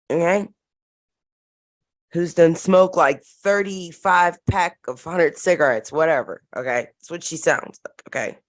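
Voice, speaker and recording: A young adult woman hosting her own vlog, giving chatty, direct gossip commentary with plenty of slang. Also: lowish voice. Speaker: vlog host.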